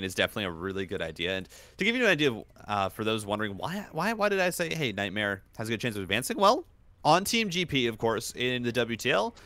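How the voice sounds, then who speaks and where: A man's voice: mid-range voice, sharp tone. A man doing live esports commentary, chatty and analytical, often restarting his sentences. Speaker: esports caster.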